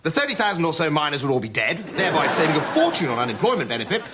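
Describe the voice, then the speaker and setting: A smug, callous politician who sneers at everyone around him. His voice sits high and swings wildly, the words tumbling out quickly. A studio audience laughs behind him over a noisy recording. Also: big pitch swings. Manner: sneering, gleeful and condescending. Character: scheming, callous, smug male British politician. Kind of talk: 1980s studio sitcom acting.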